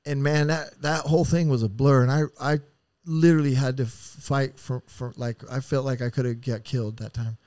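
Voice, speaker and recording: A man telling rough stories as a podcast guest, casual and full of swearing, rambling and acting out what people said. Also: medium pitch, steady tone, fairly quick, hardly any pauses, darkish tone, no room sound. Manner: profane, rambling, acts out quotes. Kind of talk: casual storytelling.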